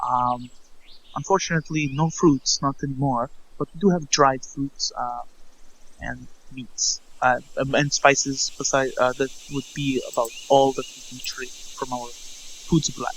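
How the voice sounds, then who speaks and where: A polite, apologetic young spice seller woman, as a man reads her out at a tabletop game. The voice stays mid-pitched and unchanged, with halting fillers. Faint crickets sound behind. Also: a bit bright, a little hiss or hum, low-quality recording. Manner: polite, apologetic, plainly read.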